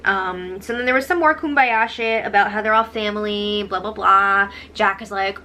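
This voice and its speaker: A woman's voice: mid-range voice, moderate pace, few pauses, bright, forceful tone, a little hiss or hum. A young woman hosting a casual recap, chatty, with sarcastic, eye-rolling asides. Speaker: host recapping a reality show.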